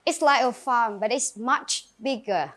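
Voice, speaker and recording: High-voiced Vietnamese woman teaching English. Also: expressive, measured pace, a bit bright. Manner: clear, encouraging teacher calling on students. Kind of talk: classroom grammar lesson. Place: classroom.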